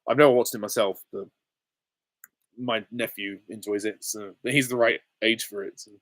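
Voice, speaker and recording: A man's voice: lowish voice, fairly even intonation, moderate pace, dry recording. A man hosting a live stream Q and A, chatty, giggly and self-deprecating, on a close desk mic. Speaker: channel host answering viewer questions.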